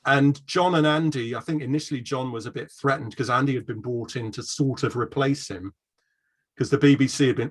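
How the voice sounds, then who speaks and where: A middle-aged man in casual conversation, telling rambling anecdotes about a past music scene. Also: mid-range voice. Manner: rambling anecdotal storyteller, mimics voices in quotes. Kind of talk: casual chat.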